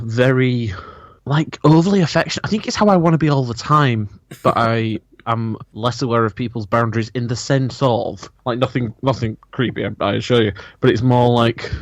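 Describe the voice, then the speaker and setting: A man's voice: mid-range voice, no echo. A man chatting as a podcast guest, rambling and giggling often as he talks. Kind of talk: casual chat.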